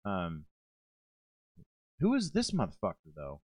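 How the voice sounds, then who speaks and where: A man's voice: deep voice, huge pitch swings, unhurried, over a noisy crowd. A man co-hosting a podcast, chatting casually, cursing freely and acting out scenes he retells. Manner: swears a lot, acts out scenes he retells. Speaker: podcast co-host. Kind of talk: casual chat.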